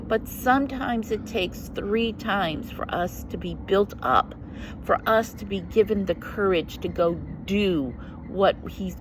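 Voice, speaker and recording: A woman hosting a faith journaling video, teaching a devotional Bible lesson in an earnest, gently encouraging way with emphatic repetition. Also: mid-range voice, noisy background.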